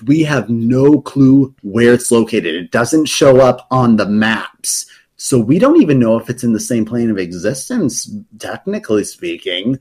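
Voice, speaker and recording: A man's voice: medium pitch, big pitch swings, a little slow, darkish tone, breathy edge. A man in casual podcast chat, explaining game lore at length with many fillers and restarts.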